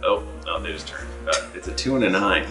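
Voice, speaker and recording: A man's voice: low-pitched, lively intonation, brisk, echoey room, over music. A man running a tabletop game as game master, narrating with hesitant fillers.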